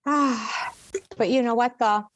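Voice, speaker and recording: A woman co-hosting a casual chat, telling a story in a rambling, animated way with many fillers and restarts. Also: a little high, takes it slowly.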